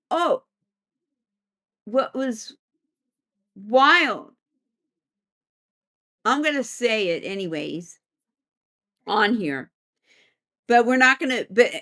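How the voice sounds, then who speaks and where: Middle-aged woman guest, lively pitch, higher voice, unhurried chatty anecdote. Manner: animated storyteller, laughs often. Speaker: psychic medium guest. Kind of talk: casual anecdote in an interview.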